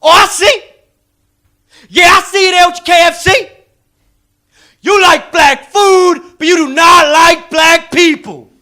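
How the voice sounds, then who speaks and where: A man voicing a brash male New York mixtape hustler in a stand-up bit, loud and swaggering. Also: very high voice, sing-song, quick pace, pitched above the performer's own voice, full character voice. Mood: hostile.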